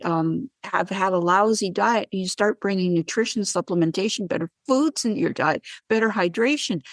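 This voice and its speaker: A woman, a guest wellness practitioner on a podcast interview, who tells animated stories and acts out the dialogue. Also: medium pitch, no echo. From Canada.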